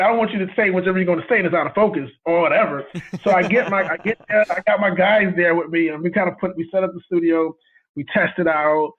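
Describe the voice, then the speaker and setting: A man telling a story as a guest in a casual interview, animated and excitable and laughing often. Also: a little high, husky. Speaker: guest cinematographer. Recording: tinny phone-line sound.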